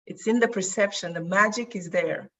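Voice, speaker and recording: A woman's voice: mid-range voice, moderate pace, fairly bright tone, far from the mic, poor audio. A woman speaking as a guest in a casual chat, reflective and earnest.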